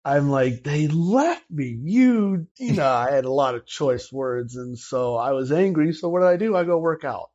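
An interview guest, a man, tells a personal story in an animated way and acts out the people in it. His voice is mid-pitched. The recording sounds slightly dull and lo-fi. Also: normal speed, few pauses.

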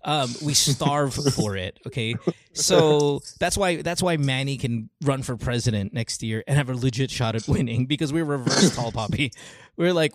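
A man from the Philippines hosting a call-in talk show, chatting animatedly and working through examples with quick restarts. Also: medium pitch. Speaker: radio show host. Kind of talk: casual chat with callers.

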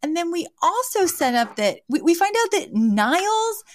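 A woman's voice: extremely high pitch, big pitch swings, moderate pace, no echo. A woman co-hosting a podcast, chatting casually about a sitcom episode, laughing easily and thinking aloud with restarts. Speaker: podcast co-host.

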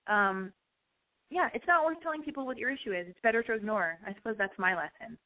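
Lady host ranting and swearing through a story, kinda high voice, sounds tinny like a phone line. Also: fast. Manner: animated, profane storytelling rant. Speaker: call-in show host. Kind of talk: call-in radio monologue.

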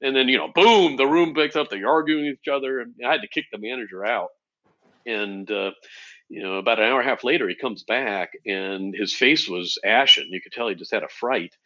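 A man, a safety consultant, telling stories in a relaxed, conversational way, with lots of fillers and acted-out quotes. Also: medium pitch, fairly quick, lo-fi sound. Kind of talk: conversational storytelling.

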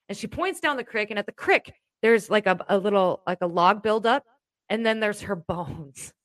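Woman co-host, animated rambling storyteller; slightly high, dry close-miked. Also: dry recording. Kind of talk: casual chat.

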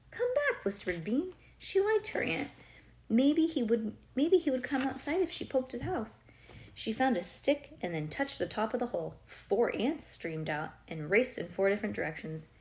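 A woman's voice: mid-range voice, darkish tone. Chatty woman reading a storybook aloud. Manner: conversational, quizzes the listener, digresses with "like" and "um".

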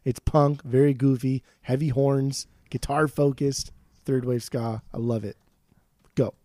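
A man's voice: mid-range voice, little pitch movement, measured pace, warm tone, no room sound. A man co-hosting a casual music podcast, blunt, profane and jokey. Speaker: podcast co-host.

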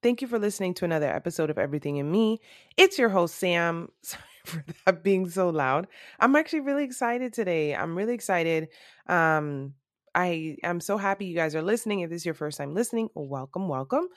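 A woman with a low, slightly rough morning voice hosts a solo podcast, speaking candidly and reflectively with frequent ums and restarts. The sound is close and dry, with no room around it. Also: no room sound. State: voice a bit rough from early morning. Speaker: podcast host. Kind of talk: casual solo podcast monologue.

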